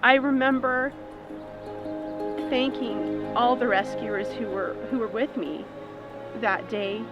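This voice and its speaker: A woman's voice: on the high side, takes it slowly, highs cut off. A woman giving an emotional, reflective documentary interview. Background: music.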